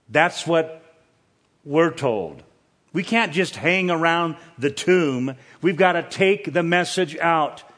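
A man's voice: a little high, fairly bright tone. A man preaching a sermon in a church, earnest and repeating words for emphasis. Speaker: pastor. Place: church with screens.

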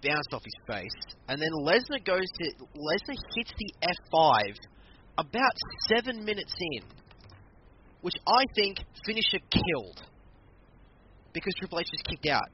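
A man recaps a wrestling match in a loose, chatty way, his pitch swinging widely as he gets into it. The sound is dull and lo-fi, with a clear bed of noise under him. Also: unhurried. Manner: animated, laughing, acts out quotes. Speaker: wrestling podcast co-host. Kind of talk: casual chat recapping a match. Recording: muffled lo-fi recording with clear background noise.

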